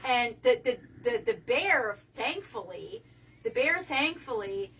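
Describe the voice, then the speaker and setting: Woman, casual storyteller, bright and a touch high, rambles and restarts. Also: expressive, slow, far from the mic, a little hiss or hum, poor audio. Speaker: co-host telling a story.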